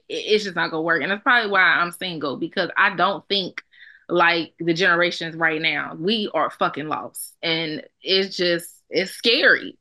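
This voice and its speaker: Her voice is lowish and bright with a forceful tone. She's a young adult woman co-hosting a podcast in casual chat, talking bluntly and emphatically and swearing plenty.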